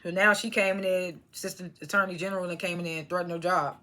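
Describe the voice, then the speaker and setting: A woman's voice: fairly low pitch, fairly even intonation, quick pace, bright, forceful tone. A young woman recapping a TV episode in a casual monologue, laughing often and stringing thoughts together with fillers while she chews snacks. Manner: talks while chewing snacks. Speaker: TV episode reviewer.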